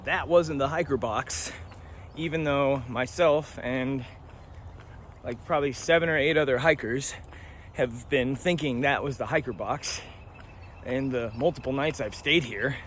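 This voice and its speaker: A man's voice: medium pitch, unhurried, fairly bright tone, slight background noise. A man vlogging casually outdoors at a forest campsite, talking to a handheld camera in a laid-back, slangy way with easy laughs. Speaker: thru-hiker vlogger. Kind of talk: casual trail vlog.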